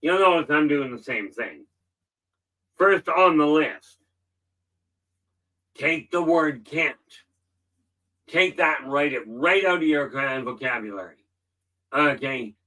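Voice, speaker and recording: An earnest man talks through a motivational livestream, leaning on his key words. His voice is bright and a touch high. He sounds set back from the microphone. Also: expressive, distant mic, rough recording. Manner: earnest, emphatic, repeats key words slowly. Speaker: livestream host. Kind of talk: casual motivational talk.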